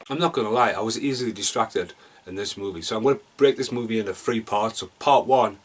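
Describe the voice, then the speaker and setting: A man's voice: on the low side, fast talker. A man from Britain reviewing a movie casually, rambling and self-deprecating, with jokey asides and mumbled mutters.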